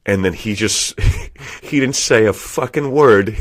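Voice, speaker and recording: Low-voiced profane man telling stories. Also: slow, few pauses. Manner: profane, laughing storyteller. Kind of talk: casual storytelling.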